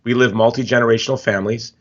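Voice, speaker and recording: A man's voice: medium pitch, steady tone, very fast. Passionate man telling stories, lo-fi audio. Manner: passionate storytelling, emphatic repetition. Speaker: guest. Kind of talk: podcast interview. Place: Hawaii.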